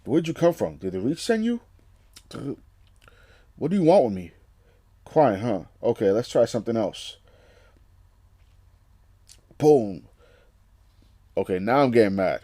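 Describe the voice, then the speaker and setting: An upbeat young comic-book hero who rambles eagerly, as a man reads him aloud. The voice sits low and mellow, and it sounds dry and close with no room around it. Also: big pitch swings, measured pace, long pauses, no room sound. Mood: alarmed.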